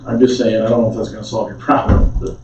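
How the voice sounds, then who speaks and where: A skeptical man presses his questions at a council meeting, his mellow, darkish voice coming from a distance in a roomy chamber. The sound is dull and lo-fi. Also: lowish voice, flat delivery, fast talker. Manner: questioning, skeptical, repeats words when thinking. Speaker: council member. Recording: far-off mic, echoey chamber, dull sound.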